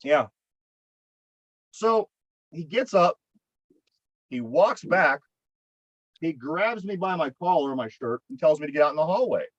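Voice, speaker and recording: A man's voice: on the high side, lively intonation, measured pace, long pauses, no room sound, lo-fi sound. A man with a Pittsburgh accent, co-hosting a podcast and telling a long story in a rambling, profane way, often repeating his words. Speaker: podcast co-host. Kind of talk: casual storytelling chat.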